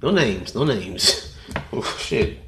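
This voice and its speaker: A man co-hosting a podcast, chiming in with quick reactions and jokes. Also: medium pitch, sing-song, vocal fry, fairly bright tone. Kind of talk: casual chat. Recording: roomy echo with faint noise.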